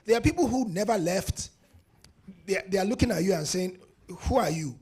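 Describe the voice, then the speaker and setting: A man speaking as a panelist, telling a story with an animated, laughing manner. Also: high-pitched, a little fast, slightly rough. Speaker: panelist, entrepreneur. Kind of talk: panel discussion answer.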